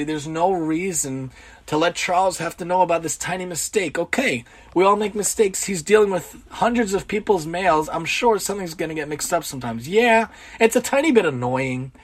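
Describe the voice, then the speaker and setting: A man's voice: on the high side, normal speed. A man giving an earnest religious lecture on daily conduct, asking rhetorical questions and mixing in Hebrew and Yiddish terms. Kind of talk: Torah lecture on everyday conduct.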